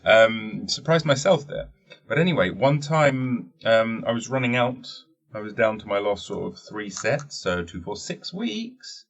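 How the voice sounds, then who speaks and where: Low, husky podcast host, rambling jokey monologue with plenty of swearing. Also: male voice, big pitch swings, a little slow, dull audio. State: wearing teeth-straightening trays. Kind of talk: casual solo podcast chat.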